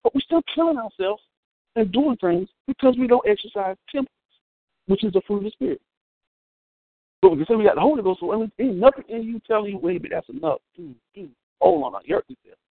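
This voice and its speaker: A man preaches with a bright, high voice that leaps up and down in pitch. He jokes and calls out to the congregation as he goes. The sound is thin and phone-like, with no room echo. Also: quick pace, gravelly. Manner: animated, humorous preaching with call-outs to the congregation. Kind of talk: sermon.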